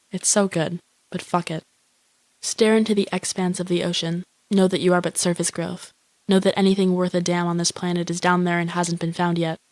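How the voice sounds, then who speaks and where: An actress plays a lonely, grandiose young woman musing in a flat, deadpan inner-monologue voice-over. Her voice is a touch low and barely rises or falls, and it sits close and dry. She swears casually and sounds self-absorbed. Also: no echo, natural voice. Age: young adult.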